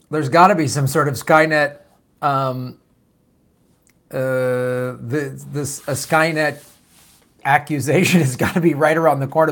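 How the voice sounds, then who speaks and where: A man hosting a live stream with a voice that sits a bit high for a man. He reads out viewer comments and questions in a loose, jokey way, swearing now and then and trailing off into asides and fillers. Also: a bit bright. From United States. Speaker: host of a political show.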